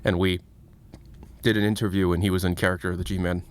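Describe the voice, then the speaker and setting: A man's voice: low voice, little pitch movement, fast, clear, resonant tone. A man hosting his own livestream, chatting casually in a rambling, self-mocking and profane way. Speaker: livestream host. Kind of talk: casual stream chat.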